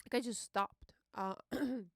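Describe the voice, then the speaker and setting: A young woman hosting a podcast, telling a personal story in an emotional, halting way, with many fillers and curses. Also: fairly high pitch, a bit bright, no room sound, clean studio sound. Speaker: podcast host.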